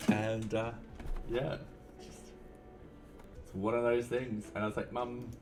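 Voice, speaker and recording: A man's voice: fairly low pitch, little pitch movement, takes it slowly, a little mellow. A man live-streaming his coding, chatting casually and thinking aloud with lots of fillers. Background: faint music and keyboard typing.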